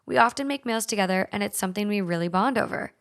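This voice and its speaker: This young podcast host talks fast in an expressive mid-range voice with a light Minnesotan accent. She chats casually, swears freely, and reads listeners' stories aloud.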